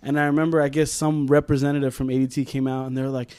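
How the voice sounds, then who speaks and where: A male podcast co-host speaks very fast at a medium pitch. In this casual conversation he animates his anecdotes by imitating the people in them.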